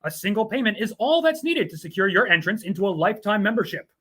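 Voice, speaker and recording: A man's voice: high-pitched, sing-song, fast, bright, forceful tone, husky. A man co-hosting a show, mixing casual chat with joking, playfully scripted ad reads. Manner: jokey, playful. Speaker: co-host.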